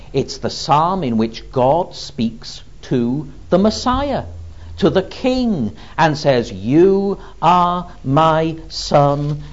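Slow, animated male preacher. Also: on the high side. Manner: slow and deliberate, with rhetorical questions. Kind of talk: sermon. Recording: dull lo-fi recording.

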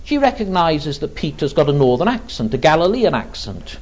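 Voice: mid-range voice, sing-song, brisk, a little mellow. A preacher giving a sermon, retelling a story in an earnest, vivid way, on a dull lo-fi recording.

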